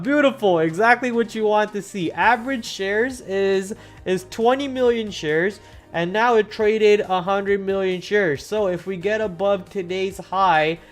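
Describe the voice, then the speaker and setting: A man hosting a stock-trading livestream, talking casually and thinking aloud, with many fillers and restarts. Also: high voice. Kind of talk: casual market commentary.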